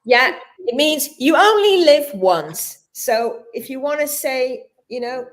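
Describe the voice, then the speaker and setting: A middle-aged British woman, a talk show guest, telling lively stories with frequent laughter. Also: high voice, slow pace. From Britain. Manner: expressive storyteller, laughs often. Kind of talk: live-streamed talk show chat.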